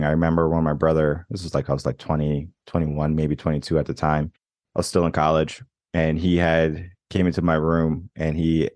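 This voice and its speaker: A young man hosts a coaching podcast in a reflective, storytelling way. His voice sits very low, and the sound is dry and close with no room around it. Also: darkish tone, no echo. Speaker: podcast host. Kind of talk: casual interview chat.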